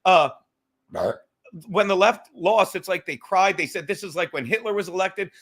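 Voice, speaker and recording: A man's voice: high voice, a bit bright. A man hosting a podcast, ranting and joking in casual chat, with crude, profane humor. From New York. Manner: profane, joking, quick rants. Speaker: podcast host.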